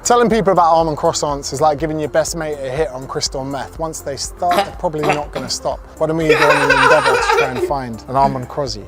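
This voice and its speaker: A man's voice: a little high, big pitch swings, quick pace, hardly any pauses. Chatty blunt English man vlogging. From England. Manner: chatty, blunt, swears freely. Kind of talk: casual travel vlog.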